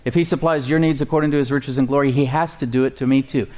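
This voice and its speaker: A pastor preaching a sermon to his congregation, calling for responses and slowing down to read scripture aloud. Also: mid-range voice, fairly even intonation, darkish tone.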